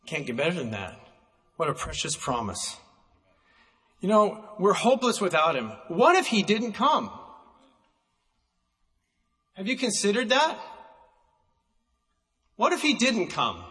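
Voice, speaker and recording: A man preaching a sermon, emphatic and slowing down to stress single words, recorded in a church hall. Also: high-pitched, big pitch swings, sharp tone.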